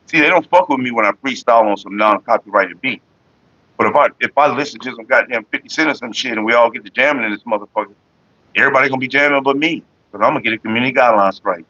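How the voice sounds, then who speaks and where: A man's voice: medium pitch, bright, forceful tone, no echo, highs cut off. A man casually chatting with viewers on a livestream, loose and profane, laughing as he talks into a big microphone. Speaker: livestream host. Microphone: large studio microphone.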